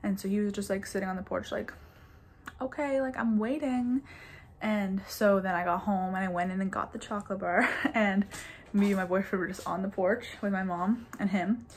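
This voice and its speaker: Young woman vlogger, twenties, casual storytime delivery, filler-heavy, mid-pitched voice. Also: fairly even intonation, a little fast, a little hiss or hum. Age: 20s. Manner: chatty, says "like" constantly, laughs between bits.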